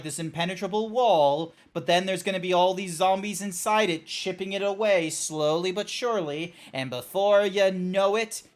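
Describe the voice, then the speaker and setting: Higher-voiced man rambling on a stream. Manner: rambling, joking, quick tangents. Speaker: game streamer. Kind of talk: casual live-stream chat.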